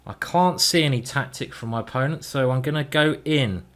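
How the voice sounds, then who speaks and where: Male chess streamer, chatty self-talk, mid pitch, a little sweary. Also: normal speed, fairly bright tone. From England. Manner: chatty, thinking aloud, mildly sweary. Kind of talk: live game commentary.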